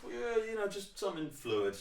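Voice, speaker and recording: A man's voice: sits high, very animated, fairly quick, creaky, far from the mic, slight background noise. A man chatting casually as a producer in a studio, hesitant and full of fillers. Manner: hesitant, filler-heavy, joking. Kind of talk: casual chat. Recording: echoey room from afar.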